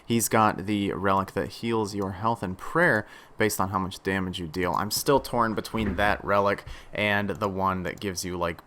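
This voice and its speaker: A young man casually commenting on his own gameplay, chatty, dropping into low mutters and then bursting out excitedly. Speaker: gaming channel host.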